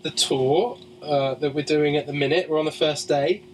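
A man's voice: a little high, fairly even intonation, normal speed, distant mic, a little hiss or hum. A man co-hosting a podcast in casual chat, hesitant and full of ums. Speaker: podcast co-host.

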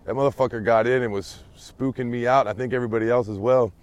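A man casually telling a story to friends in an animated, profane, emphatic way. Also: mid-range voice, quick pace. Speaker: storyteller in a group chat.

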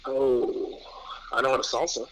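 Bright-voiced young man rambling casually. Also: mid-range voice, a little slow, poor audio. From New York. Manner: relaxed, rambling, laughs often, many restarts. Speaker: interview guest, pro athlete. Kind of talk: casual interview chat.

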